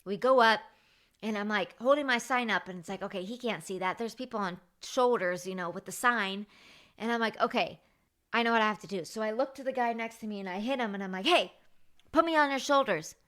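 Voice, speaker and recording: Brief: woman in her thirties hosting her podcast, bright and forceful tone, lively anecdote telling. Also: mid-range voice, fairly quick. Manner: animated, chatty, with many fillers. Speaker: podcast host. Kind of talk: casual storytelling.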